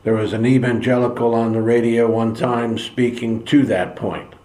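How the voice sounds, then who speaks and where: A man's voice: medium pitch, fairly even intonation, moderate pace, a little mellow. A man giving an earnest opinion monologue, preachy and repeating phrases for emphasis. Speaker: political commentary channel host. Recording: echoey room.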